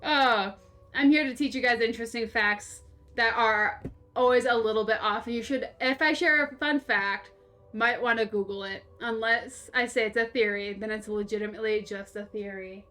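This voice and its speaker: Young woman, high voice, rambling streamer chat, animated, light music behind. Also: normal speed. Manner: rambling, animated, laughing, swears casually. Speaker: game streamer. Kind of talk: casual storytelling while playing.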